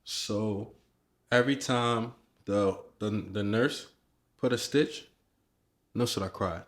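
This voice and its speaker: A young man co-hosting a podcast, telling a story in casual chat, animated and excited, with lots of restarts. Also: fairly low pitch, slow. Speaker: podcast co-host.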